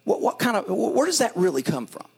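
Animated man preaching a sermon. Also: high voice, quick pace, vocal fry, breathy edge. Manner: animated, repeats words and restarts, tells dad jokes. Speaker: pastor.

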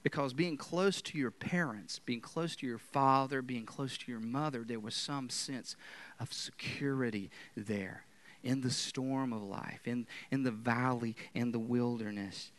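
A man preaching a sermon, moving from loud, emphatic lines to hushed whispers. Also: medium pitch, measured pace.

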